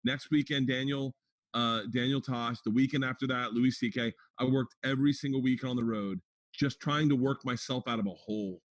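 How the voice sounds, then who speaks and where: A man's voice: medium pitch, fairly even intonation, brisk. A man hosting a casual comedy fundraiser chat, telling laid-back stories and swearing freely.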